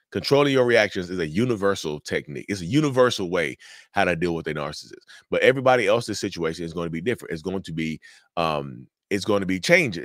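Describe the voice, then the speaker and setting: A man's voice: deep voice, no room sound, clean studio sound. A man hosting a mental health channel, talking casually to viewers and often repeating himself. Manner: conversational, repeats himself, addresses viewers as y'all. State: sleepy, yawning. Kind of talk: casual talk to camera.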